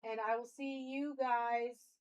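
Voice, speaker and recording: A woman's voice: on the high side, little pitch movement, takes it slowly, a little mellow, smooth, poor audio. A young woman streamer musing aloud in casual live-stream chat.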